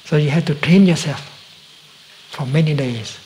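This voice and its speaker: A man giving a slow, gentle dharma talk as a meditation teacher, halting often and dropping to a soft whisper at times. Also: fairly high pitch, slight background noise, poor audio.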